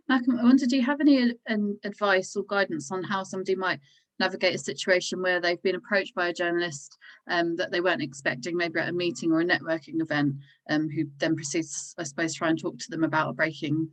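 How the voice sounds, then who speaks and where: A woman asks an interview question in a quick, polite way, her pitch fairly level throughout. She hesitates now and then with small fillers while framing her question. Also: flat delivery, rough recording.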